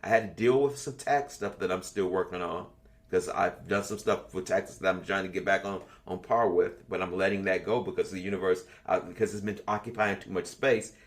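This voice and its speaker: A man in his sixties with a fairly low voice talks casually to an online class. He speaks bluntly and swears often as he tells personal stories. He sounds as though he is on a video call. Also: fairly even intonation, fairly quick. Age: 60s. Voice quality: blunt, profane, storytelling. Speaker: class leader.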